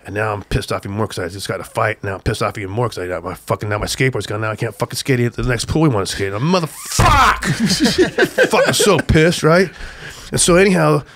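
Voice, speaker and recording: An older man from Southern California, a guest telling an excited, profane story, acting out the shouts of the people in it. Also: on the low side, very fast, few pauses. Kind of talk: animated storytelling on a podcast.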